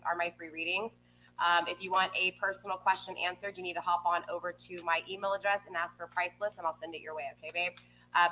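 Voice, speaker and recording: A woman's voice: on the low side, bright, forceful tone, a little hiss or hum, poor audio. A woman giving a live tarot reading in a chatty manner, often checking in with her viewers with "okay?". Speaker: tarot reader.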